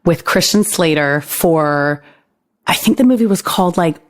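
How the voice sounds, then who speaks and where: Chatty Canadian woman, lowish voice. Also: expressive, moderate pace. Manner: chatty storyteller, self-deprecating, laughs often. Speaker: podcast guest, actress. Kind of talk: casual interview chat. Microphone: standing at a home microphone, remote.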